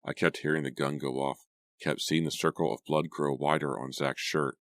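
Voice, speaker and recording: Deep-voiced male narrator, steady read, dry booth sound. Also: moderate pace, no echo. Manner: steady storytelling, first-person read. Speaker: audiobook narrator. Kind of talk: scripted narration.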